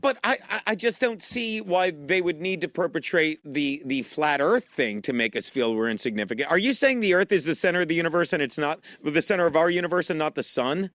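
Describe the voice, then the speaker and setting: A man's voice: on the high side, animated, brisk, few pauses, a bit bright, no room sound. A man hosting a comedy talk show, joking and skeptical, laughing along as he questions his guest. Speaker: host.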